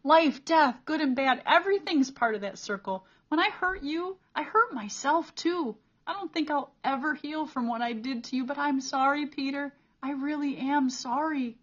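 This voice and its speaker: A woman's voice: medium pitch, a little fast, highs cut off, lightly acted. A woman reading the lines of a troubled, remorseful teenage boy in an audiobook, pleading and earnest.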